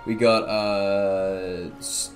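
With faint music behind him, this young gaming YouTuber and streamer speaks very slowly in a voice on the low side with little pitch movement. Playing at home, he offers casual let's-play commentary, getting excited, cursing openly and talking to himself and the creatures in his game.

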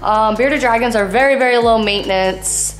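A woman's voice: on the high side, moderate pace, soft background music. A young woman, a vlogger and pet owner, chatting upbeat and casually to her viewers at home. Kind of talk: casual vlog chat.

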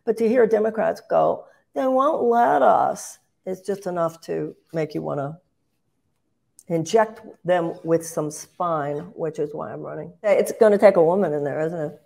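An older woman talking politics with passion and force. Her low voice has a gravelly, fry-edged grain. She keeps restarting phrases and lifting into emphatic bursts. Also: normal speed, warm tone. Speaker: guest, political candidate. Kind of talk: impassioned political commentary.

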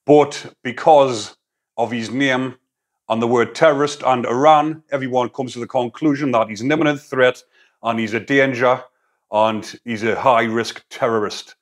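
A man's voice: mid-range voice, steady tone, measured pace. A man, a former prisoner, giving a blunt, casual opinion monologue full of prison slang. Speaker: YouTube commentator, former prisoner.

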